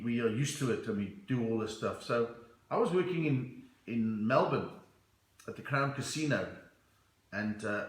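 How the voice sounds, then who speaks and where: A man's voice: mid-range voice, a bit bright, reverberant, low-quality recording. A middle-aged South African man with a South African accent, chatting on a live stream, reading viewer comments and telling stories. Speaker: stand-up comedian. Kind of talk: live-stream comedy chat.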